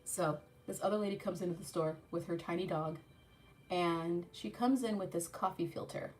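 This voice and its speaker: A woman with a fairly low voice tells a store story in a casual, animated, profane way, acting out every person she describes. She sits a little back from the mic, with a faint hum of room noise behind her. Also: moderate pace, distant mic. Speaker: channel host. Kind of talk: casual storytelling while doing a makeup tutorial.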